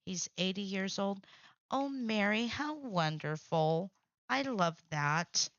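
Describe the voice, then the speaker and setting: Slow, gravelly-voiced woman chatting. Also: medium pitch, lively intonation, no room sound, dull audio. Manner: chatty, warm-hearted, laughs often, repeats herself. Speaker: host of a crafting livestream. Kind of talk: casual chat reading viewer comments.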